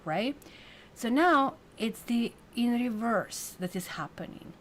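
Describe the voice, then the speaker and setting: A woman's voice: medium pitch, unhurried, a little hiss or hum. A woman giving a casual weekly tarot reading, chatty and full of fillers, who stops to coo at her cat. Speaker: tarot reader.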